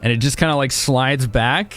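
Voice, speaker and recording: A man's voice: mid-range voice, normal speed, fairly bright tone, faint music behind. A man narrating as game master in a tabletop game, talking loosely and chattily.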